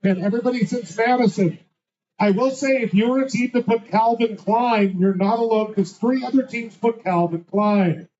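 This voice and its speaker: A man's voice: very high voice, moderate pace, a little mellow. A man hosting a live trivia night, reading out answers with a teasing, sarcastic manner. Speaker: trivia host. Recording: dull lo-fi sound.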